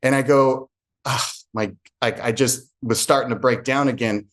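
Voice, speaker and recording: A man's voice: mid-range voice, fairly even intonation, moderate pace. A man who works as a real estate agent tells an earnest personal story to a group and acts out remembered conversations.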